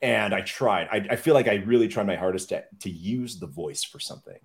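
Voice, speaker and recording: Casting: deep-voiced man, French speaker, lower pitch, chatty guest full of fillers. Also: fairly quick, vocal fry. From Canada. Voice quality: deep, radio-like voice. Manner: rambling, self-deprecating storyteller with many fillers. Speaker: podcast guest. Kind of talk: casual chat.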